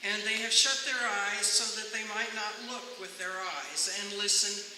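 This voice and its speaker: A man reading scripture aloud in a church, slow and measured. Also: high-pitched. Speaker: scripture reader. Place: church sanctuary. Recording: distant mic in echoey hall with noise.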